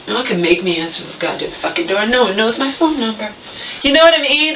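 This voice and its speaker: A woman's voice: a little high, very animated, fast, a bit bright, slight background noise. A woman venting to the camera in an agitated, profane rant. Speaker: vlogger. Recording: echoey room, distant dull mic.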